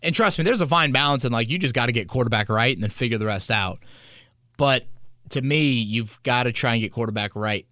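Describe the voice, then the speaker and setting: A man's voice: mid-range voice, a little fast, pushed and bright, no echo. Guy hosting a sports pod, rambly and casual, dry close mic. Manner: conversational, hypothetical rambling. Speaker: podcast host.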